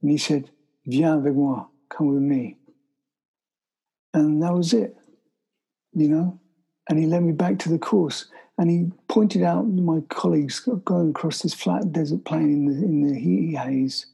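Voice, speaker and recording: Middle-aged man, interview guest; husky, gravelly voice, stops and restarts mid-sentence. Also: a little high, steady tone, mellow, low-quality recording. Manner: halting, restarts sentences, vivid storytelling. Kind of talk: storytelling in conversation.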